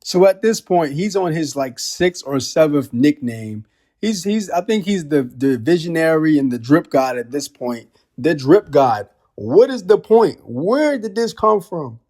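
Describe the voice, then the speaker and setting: A man's voice: a little high, sing-song, unhurried, darkish tone. A man giving casual ranting commentary as a wrestling vlogger, firing off incredulous rhetorical questions in loose slang.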